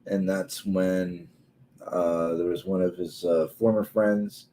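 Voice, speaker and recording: A man in his twenties telling a story on a casual livestream, halting and full of pauses and filler words. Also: sits low, steady tone, dark tone, slight background noise, rough recording. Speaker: streamer.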